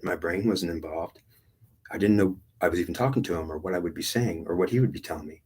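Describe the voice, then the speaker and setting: A man's voice: low voice, breathy edge. An older man telling his own spiritual experience in a rambling, blunt, repetitive way, with some swearing. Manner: repetitive, blunt and profane, retelling a past experience with strong feeling. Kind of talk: rambling personal testimony.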